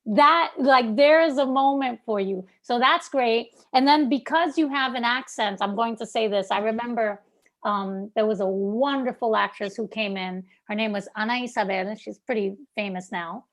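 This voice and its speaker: A woman with a Brooklyn accent coaches an actor over a video call. Her voice sits a little high, and she talks in an animated, chatty way with plenty of "like" and "um". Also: normal speed. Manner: animated, chatty, many fillers like "like" and "um". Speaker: acting coach. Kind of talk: coaching feedback.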